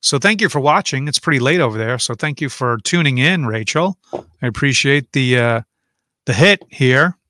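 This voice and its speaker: A man's voice: medium pitch, animated, normal speed, bright, forceful tone, no echo, studio quality. A man hosting a casual livestream from home, chatting and rambling as he reads out viewer comments and answers them.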